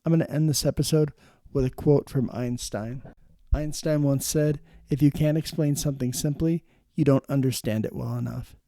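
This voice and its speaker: A man's voice: medium pitch, fairly even intonation, normal speed, mellow, no room sound, studio quality. A middle-aged man, an emergency nurse hosting a show, giving frank, plain-spoken advice in a casual monologue. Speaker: emergency nurse and podcast host.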